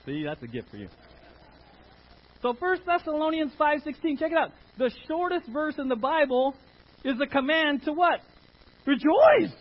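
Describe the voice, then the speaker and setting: An animated male preacher with a high, lively voice that swings up and down as he quizzes his congregation. The sermon recording is dull and muffled, with faint hiss behind him. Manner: animated preaching with call-and-response questions. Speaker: pastor.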